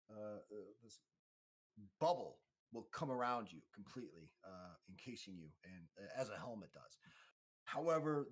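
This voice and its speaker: Guy gm-ing a tabletop game, kinda rambly, normal pitch. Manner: rambling, loose narration with fillers. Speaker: game master.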